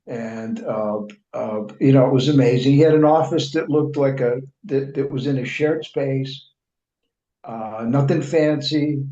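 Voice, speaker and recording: A man's voice: medium pitch, measured pace, warm tone. A man who writes and reports, a guest in an interview, telling long anecdotes with many restarts and fillers and acting out what others said. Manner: acts out other people's remarks in quoted speech. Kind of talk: conversational storytelling in an interview. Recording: echoey room, dull lo-fi sound.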